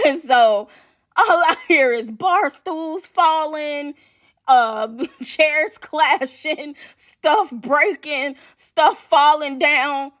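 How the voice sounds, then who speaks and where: Female podcast host, fairly high voice, unhurried animated storytelling with laughs. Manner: animated, laughing, checks in with the listener. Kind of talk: personal storytelling.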